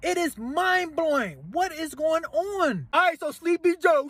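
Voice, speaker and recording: A man delivering an angry, profanity-laced rant to the camera, repeating himself and breaking into shouts. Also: very high voice, normal speed, few pauses, no room sound. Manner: heated, cursing, repetitive, bursts of shouting. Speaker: commentator ranting to camera.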